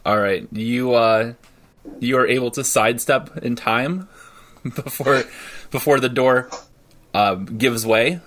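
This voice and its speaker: A man running a tabletop game as game master, chatty and quick to laugh. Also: medium pitch, a bit bright. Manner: laughs often, loose and chatty.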